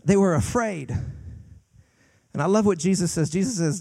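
A man, a guest pastor, preaching a sermon with passion, climbing to loud peaks and dropping to hushed lines. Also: high voice, moderate pace, vocal fry, long pauses, slightly rough.

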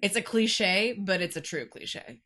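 Casual woman cohost, bright voice, chatty and swears now and then. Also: mid-range voice, measured pace. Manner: chatty, profane, laughing. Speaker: podcast co-host. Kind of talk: casual chat.

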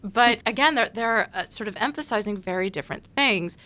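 Woman, panel guest, measured and analytical, bright tone. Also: medium pitch, lively intonation. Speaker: panel guest discussing her essay. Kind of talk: academic panel discussion.

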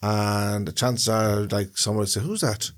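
A man's voice: lowish voice, monotone, moderate pace. An Irish man co-hosting a podcast, explaining things in a rambling way and repeating himself. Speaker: podcast co-host. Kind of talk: casual chat.

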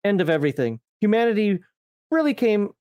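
A man's voice: high voice, very animated, rapid-fire, no room sound, dull audio. A man reading a game book aloud in character, voicing a male outback survivor who tells the tale of the apocalypse. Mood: storytelling.

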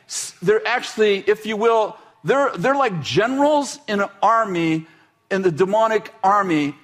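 A man's voice: high-pitched, a bit bright. A man preaching a sermon in a loose, conversational way, acting out quoted voices as he goes. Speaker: pastor.

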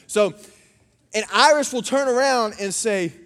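A man, preaching a sermon and telling family stories with animated impressions. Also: high voice, moderate pace. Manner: animated storytelling, acting out his daughters' voices. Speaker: pastor. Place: church auditorium. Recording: long reverb of a church hall.

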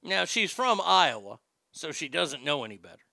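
A man riffing profanely through comedic news commentary, his voice high, bright and crisp. There's a gravelly edge, and the sound is dry and close. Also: sing-song, normal speed, dry recording. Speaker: comedy show host.

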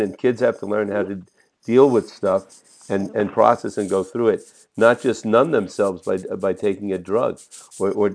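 A low-pitched man hosts the interview, his voice rough with fry. He speaks in a hesitant, halting way while he builds up to each question. He sounds conversational and does not read from a script. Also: darkish tone. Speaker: interview host.

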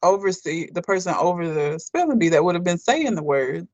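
A person from Alabama chatting casually in a relaxed, measured way. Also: mid-range voice, no room sound, dull audio. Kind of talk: casual chat.

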